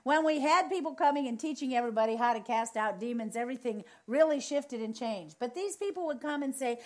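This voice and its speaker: A woman preaching a charismatic sermon, telling lively stories and repeating phrases for emphasis. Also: high voice, a little fast. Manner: animated storytelling, acts out other people's reactions.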